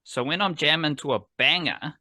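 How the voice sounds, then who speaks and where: A man's voice: a little high, moderate pace, pushed and bright, no room sound. A man hosting a casual sports podcast, rambling and enthusiastic. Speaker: podcast host.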